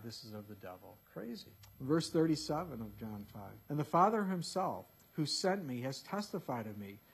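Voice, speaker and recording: Guy preaching a bible study sermon, kinda husky voice, earnest and emphatic. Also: fairly high pitch. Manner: earnest, emphatic scripture reading with casual asides.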